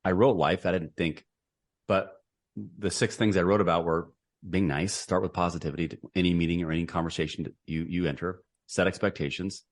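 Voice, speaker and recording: Brief: middle-aged man, low voice, earnest podcast guest who rambles and restarts a lot. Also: steady tone, brisk. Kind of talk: casual interview conversation.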